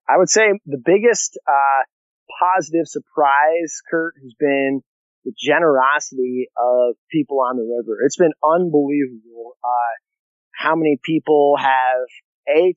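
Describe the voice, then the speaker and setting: A man's voice: medium pitch, no room sound. A man talking in a casual interview, easygoing, with many fillers and restarts. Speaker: guest, long-distance canoeist. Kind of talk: casual interview over a remote line. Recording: dull lo-fi call audio, dry.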